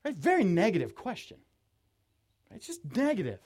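A man preaching a sermon at a festival, animated and teasing, acting out quotes with a raised voice. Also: a little high, moderate pace.

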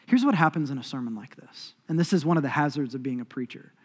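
A male pastor preaching a sermon in a church, talking conversationally and voicing inner thoughts, then building to loud, emphatic passages. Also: mid-range voice, lively intonation, fast talker, slightly rough, in a large hall. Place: church sanctuary.

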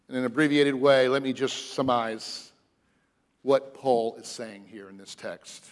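A man preaching a sermon as pastor, earnest and emphatic, sometimes dropping to a hushed, soft delivery. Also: mid-range voice, unhurried. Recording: long reverb of a large hall.

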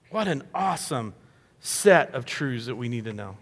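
A man's voice: fairly high pitch, very animated, moderate pace, fairly bright tone, long reverb tail. A man preaching a sermon in an earnest, conversational way, acting out little quoted voices as he goes. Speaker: pastor.

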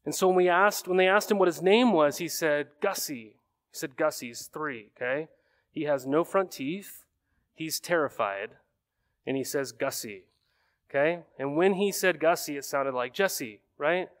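A man's voice: a little high, normal speed, fairly bright tone. Man preaching with conversational tags. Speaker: pastor. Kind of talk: sermon.

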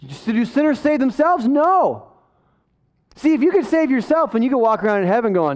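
A man preaching a sermon in a casual, conversational way, energetic and joking with the congregation. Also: extremely high pitch, a little fast. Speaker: pastor.

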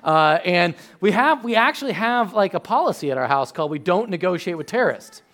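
A pastor in his thirties, his voice pitched high and his pace brisk, gives a chatty, animated sermon. He tells stories and every so often erupts into sudden loud exclamations.

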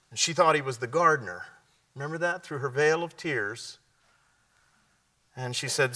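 Guy preaching to a congregation, quizzes the crowd then answers himself, sounds a bit far off the mic. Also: medium pitch. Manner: asks the audience questions and answers them; drops to a hushed, slow delivery at key points. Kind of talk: sermon.

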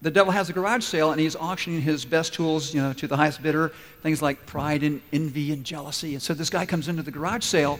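A man's voice: on the high side, fairly even intonation, fast, hardly any pauses. A pastor delivering a sermon to his congregation, illustrating his points with stories and acted-out voices. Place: church sanctuary. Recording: long reverb of a church hall.

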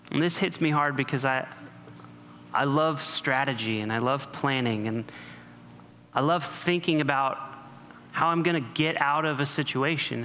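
A man delivers a sermon with a bright, forceful voice of middle pitch. He talks to the congregation conversationally and slips in joking asides. The sound carries a long hall reverb and faint background noise. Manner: conversational preaching with humor and asides. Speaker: pastor.

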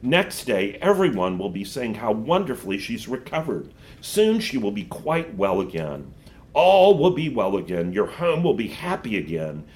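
A man's voice: fairly low pitch, big pitch swings, moderate pace. A man reading a storybook aloud and voicing a scheming female witch who coaxes and scorns a boy. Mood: coaxing.

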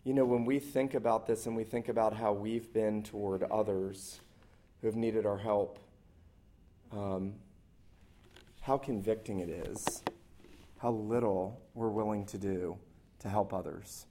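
A man's voice: fairly low pitch, fairly even intonation, measured pace, pauses often, warm tone. A man preaching a sermon to a church congregation as the pastor, earnest and emphatic, stacking up short repeated phrases.

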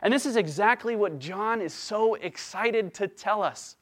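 A man preaching a sermon, emphatic, climbing to excited peaks and then dropping to quiet, earnest stretches. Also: high voice, a little slow. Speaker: pastor.

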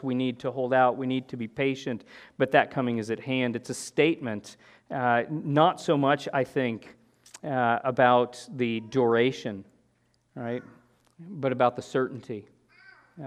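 Earnest man preaching a sermon. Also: medium pitch. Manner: earnest, with rhetorical "right?" and frequent restarts. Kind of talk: expository sermon.

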